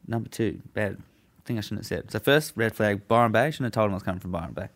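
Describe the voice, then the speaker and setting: A young man in casual conversation, laid-back and profane. His voice sits low with a gravelly, creaky edge. He rambles through his story in easy, relaxed chat. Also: rapid-fire, hardly any pauses. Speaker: guest telling a story.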